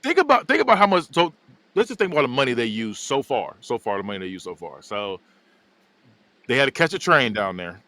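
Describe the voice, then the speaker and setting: A man hosting a podcast, recapping a movie in an animated, casual way with frequent laughs. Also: medium pitch, brisk. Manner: animated storytelling, laughs often. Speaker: podcast host.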